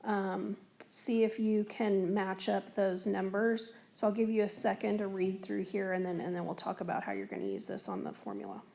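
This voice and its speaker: A woman's voice: medium pitch, normal speed, gravelly, warm tone. A woman teacher explaining a lesson on a recorded whiteboard in a patient, step-by-step way, with frequent fillers. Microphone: tablet recording.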